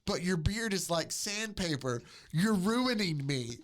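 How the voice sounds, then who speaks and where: A man's voice: high-pitched, expressive, measured pace, voice pushed up. A man reading out a melodramatic young wife from an old romance comic, in a breathless, theatrical way. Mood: pleading.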